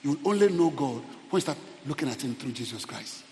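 A man preaching a fervent sermon in a church auditorium, calling out to the congregation and rising to shouted peaks. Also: mid-range voice, expressive, brisk, in a large hall, slight background noise. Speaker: pastor.

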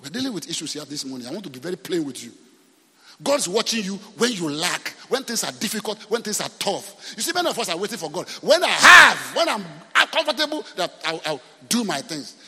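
Animated Nigerian pastor preaching in a hall. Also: male voice, sits high, brisk, breathy edge. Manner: animated preaching with repeated questions to the congregation. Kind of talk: sermon.

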